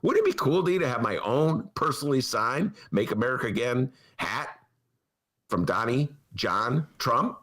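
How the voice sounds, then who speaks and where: A man's voice: medium pitch, animated, moderate pace, a bit bright. An older man with a Chicago accent, hosting a talk show and doing a sarcastic comic monologue that mocks what he reads aloud. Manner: sarcastic, mocking voices. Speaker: podcast host.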